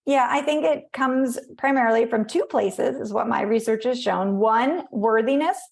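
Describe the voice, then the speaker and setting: A woman guest on a podcast, chatting in an animated way, acting out little voices and using many fillers. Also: on the high side, normal speed, gravelly. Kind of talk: conversational podcast interview.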